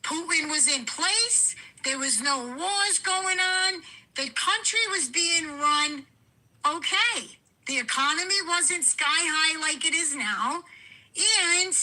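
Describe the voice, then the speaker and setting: A woman's voice: very high-pitched, pushed and bright, low-quality recording. A woman from Fall River, Massachusetts, with a strong local accent, calling in to a live stream and talking in a rambling, emphatic way. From Massachusetts, USA. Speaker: caller. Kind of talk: casual call-in chat.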